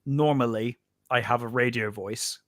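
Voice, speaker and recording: A man with a Bristolian accent, a little drunk, chatting as a podcast guest, jokey and quick to laugh. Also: mid-range voice, steady tone, a bit bright. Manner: jokey, laughs often, repeats himself. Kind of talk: casual podcast chat. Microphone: home podcast microphone.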